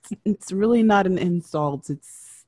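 A woman's voice: lowish voice, a little slow, dark tone, slightly rough, dry recording, clean studio sound. Wry New woman co-host. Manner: wry, joking asides. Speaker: podcast co-host. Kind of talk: casual reality TV recap chat.

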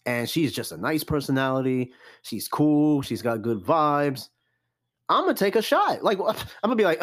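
Blunt, animated young man podcasting. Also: on the high side, brisk. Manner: blunt, animated, profane, repeats "I'm gonna tell you right now". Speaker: podcast host answering listener questions. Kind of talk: casual solo podcast talk.

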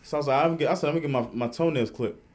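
Fast-talking, high-voiced male podcast host. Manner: animated, profane, laughs through his stories. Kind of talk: casual storytelling chat.

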